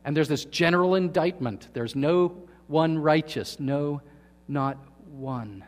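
Male pastor, sermon, slightly high voice, long hall reverb, quiet-to-loud delivery. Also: slow pace. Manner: asks the congregation questions, swings between soft and loud. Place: church hall.

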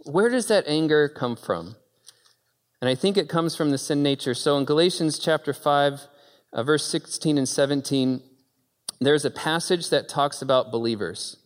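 A man preaching a sermon, moving between quiet storytelling and loud, high-pitched exclaiming. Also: normal speed, big-room sound. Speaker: pastor.

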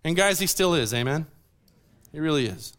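Lively, bright-voiced male preacher. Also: fairly high pitch, moderate pace. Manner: animated, asks the audience questions. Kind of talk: sermon.

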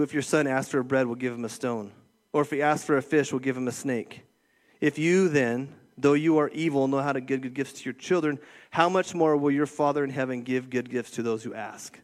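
A man's voice: mid-range voice, steady tone, normal speed. A middle-aged man giving a conversational sermon as a youth ministry director, often checking in with his listeners. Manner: conversational, keeps checking in with "right?". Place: church room with an audience.

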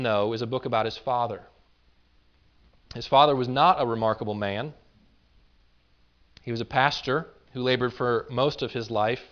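A man's voice: medium pitch, a bit bright, lo-fi sound. A man pastoring a church, preaching a conversational sermon in an earnest, informal way and often repeating words as he builds a point.

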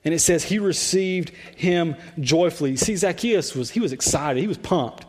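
A man's voice: on the high side, moderate pace, slightly rough. A man preaching a sermon to a church congregation in a loose, conversational way, often repeating words and saying "like". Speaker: pastor. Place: church sanctuary.

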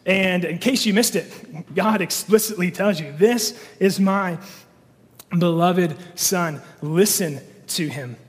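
Male pastor, higher pitch, casual sermon delivery with frequent fillers; long reverb of a church hall. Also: slow. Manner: conversational, many fillers and restarts.

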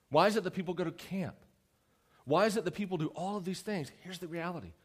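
Animated man preaching a sermon. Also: fairly high pitch. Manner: animated, conversational, teasing the audience. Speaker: youth preacher.

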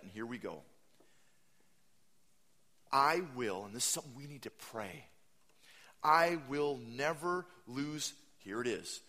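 A man in his thirties preaching a sermon as pastor, animated, jumping into high mocking voices and dropping to soft, earnest lines.

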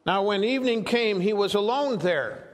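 A man's voice: high-pitched, animated, normal speed, big-room sound. A man preaching an expository sermon as pastor, reading scripture and explaining it, acting out quoted lines with animation.

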